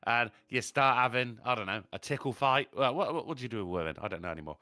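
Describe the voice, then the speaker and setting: A man co-hosting a casual podcast chat, telling animated stories and laughing often. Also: mid-range voice, quick pace. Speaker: podcast co-host.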